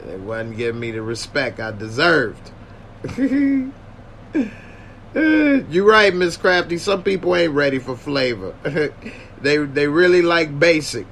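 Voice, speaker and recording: Male host, slightly high and gravelly, slangy and joking. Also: sing-song, takes it slowly, fairly bright tone, a little hiss or hum. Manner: joking, slangy, thanks viewers. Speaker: podcast host. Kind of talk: casual livestream chat.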